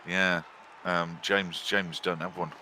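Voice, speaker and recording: A man's voice: deep voice, little pitch movement, slow pace, bright, forceful tone, a little hiss or hum. A man co-commentating a video game in a chatty, teasing way.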